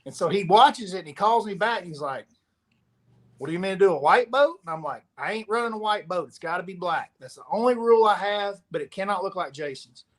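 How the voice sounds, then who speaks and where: A professional angler, appearing as a guest, tells a story in casual conversation and acts out the quoted dialogue like an animated storyteller. His voice sits high and he talks a little fast.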